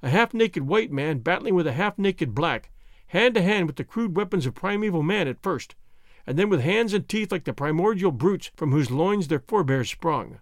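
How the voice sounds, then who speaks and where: Expressive male narrator, high and lively. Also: moderate pace, no room sound, studio quality. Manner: dramatic, expressive storytelling. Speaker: audiobook narrator. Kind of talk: scripted narration.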